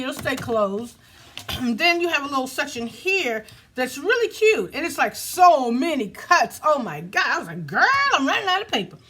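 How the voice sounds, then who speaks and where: High, bright-voiced chatty crafting woman. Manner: chatty, laughs at herself, talks to viewers as y'all. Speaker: crafting video host. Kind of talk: casual crafting tutorial chat.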